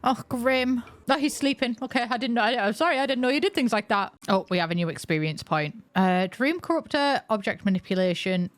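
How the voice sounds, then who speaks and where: A woman giving chatty, excitable let's-play commentary, thinking aloud as she plays. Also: a little high, brisk, hardly any pauses, no echo. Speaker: gaming video creator.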